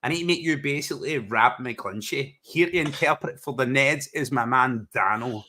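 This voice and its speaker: A man's voice: medium pitch, moderate pace, sharp tone. A man teasing and laughing often in casual banter on a live stream, over a video call. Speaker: co-host.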